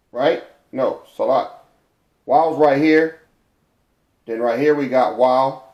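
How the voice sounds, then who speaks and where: A man's voice: mid-range voice, a little mellow. A man giving a classroom lesson at a board, explaining step by step and often checking in with "all right?". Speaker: teacher.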